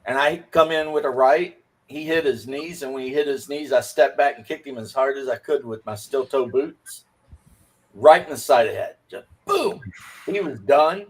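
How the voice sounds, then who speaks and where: Stammering storyteller, male, mid-pitched, loose casual delivery. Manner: rambling storyteller with stammered restarts. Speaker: livestream co-host. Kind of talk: casual chat.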